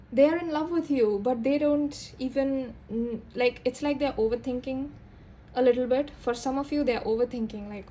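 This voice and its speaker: A young woman doing a casual tarot reading, rambling and halting, often restarting her sentences. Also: sits high, warm tone, slight background noise. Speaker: tarot reader.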